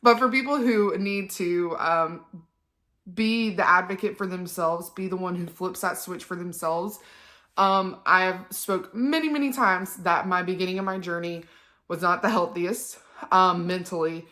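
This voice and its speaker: A woman's voice: fairly low pitch, unhurried, pushed and bright. A young woman, talking one-on-one to her phone camera in a personal vlog, chatty and emotional with many ums. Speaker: vlogger. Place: indoors at home on a couch.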